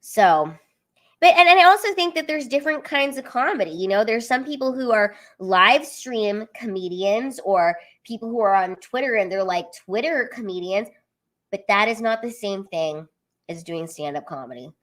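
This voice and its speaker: A woman's voice: medium pitch, lively intonation, normal speed, a bit bright. A young woman comedian chatting casually on a live stream, full of fillers and reading out viewer comments.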